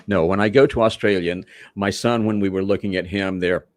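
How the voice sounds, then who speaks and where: A man from Manchester, England, telling rambling, animated stories as a wrestler guest in an interview. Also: deep voice, brisk. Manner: rambling, animated, self-correcting storyteller. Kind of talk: interview storytelling.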